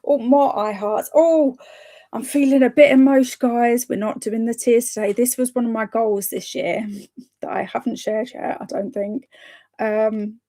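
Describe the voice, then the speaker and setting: A woman hosts a casual reading livestream, her voice sitting a little high. She chats warmly with her viewers and reads their comments aloud. She cheers them on, laughing lightly as she goes. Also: moderate pace. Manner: chatty and encouraging, with frequent small laughs. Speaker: livestream host of reading sprints.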